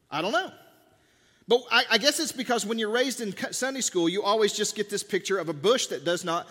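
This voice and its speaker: A man with a high voice preaches a sermon in a church sanctuary. He talks to the congregation casually and plays out the dialogue of scripture scenes. His voice rings with the long reverb of a church hall. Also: a bit bright. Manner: conversational preaching, acts out biblical dialogue. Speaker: pastor.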